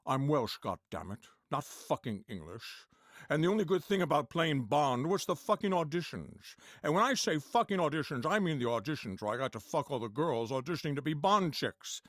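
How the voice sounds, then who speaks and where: A man's voice: on the high side, expressive, moderate pace, fairly bright tone, no echo, studio quality. A man doing a foul-mouthed grumpy old film star. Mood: irritable. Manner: cursing, blunt, scornful. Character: foul-mouthed gruff older male film actor, irritable. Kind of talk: comedy impression sketch.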